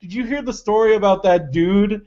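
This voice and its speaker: A man's voice: high-pitched, mellow. A man co-hosting a podcast, chatting casually and jumping in with questions and reactions. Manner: chatty, quick to jump in with reactions. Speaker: podcast co-host. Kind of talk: casual chat. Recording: dull lo-fi podcast audio.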